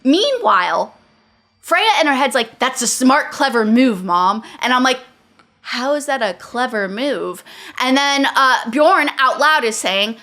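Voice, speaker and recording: A woman's voice: high voice, expressive, unhurried, sharp tone. A woman co-hosting a casual book-critique podcast, commenting with sarcasm and disbelief. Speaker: podcast co-host.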